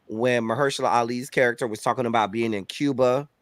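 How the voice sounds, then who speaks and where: A man's voice: medium pitch, steady tone, fast, dry recording. Guest reviewer, male, from Miami with a Miami accent; earnest, reflective, mid-range voice, close dry mic. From Miami, Florida. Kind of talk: casual movie discussion.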